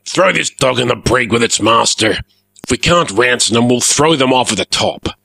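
A man voicing a gruff, blustering male airship pirate captain who barks his orders, in a storybook reading. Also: mid-range voice, lively intonation, normal speed, pushed and bright, no echo, pitched above the performer's own voice, heavily acted. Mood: menacing.

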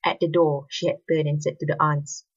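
A woman narrating a story in an expressive, scripted reading. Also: sits low, a little fast, slightly rough. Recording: dull lo-fi recording.

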